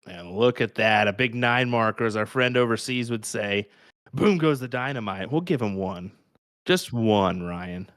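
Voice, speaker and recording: A man with a Kansas accent calls a darts match and swaps stories with his co-commentator. His voice sits low and sounds dry and close to the mic. He laughs easily and rambles in a friendly, chatty way. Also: unhurried, clear, resonant tone, no room sound. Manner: chatty, laughs often, lively storytelling. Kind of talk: live sports commentary banter.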